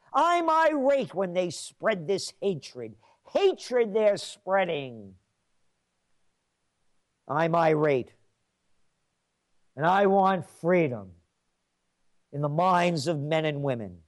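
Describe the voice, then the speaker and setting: Slow, emphatic older male commentator. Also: a little high. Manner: emphatic, repetitive, declaiming. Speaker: host of a trends commentary show. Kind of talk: opinionated monologue commentary.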